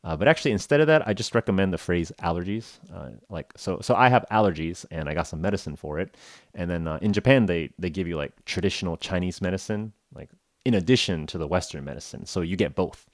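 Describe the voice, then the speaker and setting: A man's voice: deep voice, fast talker, no echo, studio quality. A man hosting a podcast, telling a story casually and acting out the dialogue with laughs. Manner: animated, acts out dialogue with laughs. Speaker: podcast host. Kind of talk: casual storytelling for English learners.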